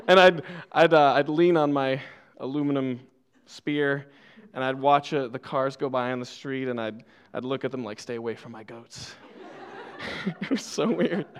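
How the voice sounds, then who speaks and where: With a mid-range, clear and resonant voice, he speaks a little slowly. The young preacher tells a comic childhood story in church, self-deprecating and quick to laugh, before moving on to scripture.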